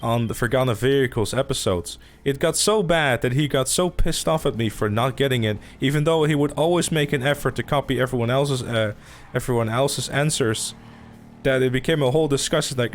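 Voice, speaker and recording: A male streamer hosting a casual live chat through a mixer mic. He teases his guests, swears freely and breaks into laughter often. His voice sits at an ordinary middle pitch, with a faint hiss behind it. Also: brisk. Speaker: streamer host.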